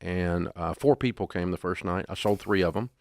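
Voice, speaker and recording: Deep man, folksy storyteller, animated, dry close sound, interview guest. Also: normal speed, no room sound.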